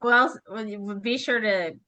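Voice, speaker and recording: A woman's voice: fairly high pitch, normal speed, sharp tone. A woman chatting on a video call, reacting eagerly and encouraging the others to share their stories. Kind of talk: casual video chat.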